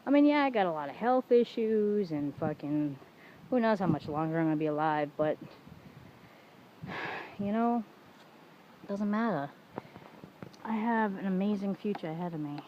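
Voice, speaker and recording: A woman's voice: mid-range voice, animated, moderate pace, long pauses. Frank middle-aged woman venting, lo-fi. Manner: frank and profane, acting out quoted arguments, many "you know"s. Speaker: vlogger. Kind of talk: casual venting monologue. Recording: dull lo-fi home recording with faint room noise.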